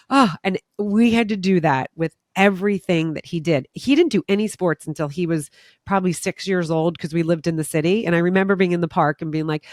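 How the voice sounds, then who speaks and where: A woman hosting a podcast conversation, telling lively stories and acting out quoted voices, swearing casually. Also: lowish voice, fast, dry recording, studio quality. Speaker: podcast host.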